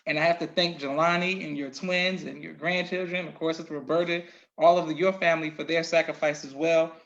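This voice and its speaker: A fairly high-voiced male host cheers his guest on with brief, warm affirmations. His audio is dull and muffled and comes from a distance. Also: steady tone, vocal fry. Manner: affirming, quick to laugh along. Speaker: podcast host. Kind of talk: encouraging interjections.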